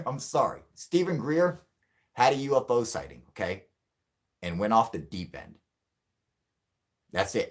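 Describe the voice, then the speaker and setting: A man hosting a livestream, ranting angrily and swearing a lot as he answers the chat. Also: on the low side. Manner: angry, profane, ranting. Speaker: channel host.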